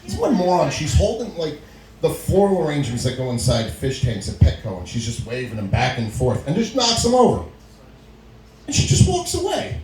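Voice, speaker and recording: A man's voice: on the high side, wildly swooping pitch, a little fast, darkish tone, soft background music. A middle-aged male comedian doing a stand-up set, telling long stories, laughing at his own lines and acting out quotes. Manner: storytelling with frequent laughs and acted-out quotes. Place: small comedy venue. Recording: echoey room recording.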